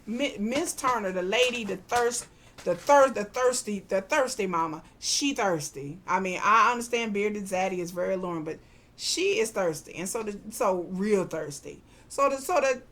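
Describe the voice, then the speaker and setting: A woman recaps a TV drama in a loose, chatty way. Her voice sits at a middling pitch, and she jumps into the characters' lines with slang asides. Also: animated, normal speed, fairly bright tone, a little hiss or hum. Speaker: podcast host recapping a TV drama. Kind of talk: casual recap chat.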